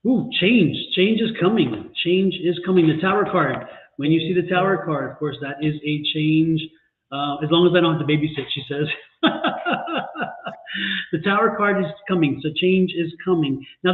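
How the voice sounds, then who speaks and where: Man reading tarot over a tinny line. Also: fairly high pitch. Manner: jokey, rambling card explanations. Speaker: tarot reader. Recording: tinny phone-like line with echo.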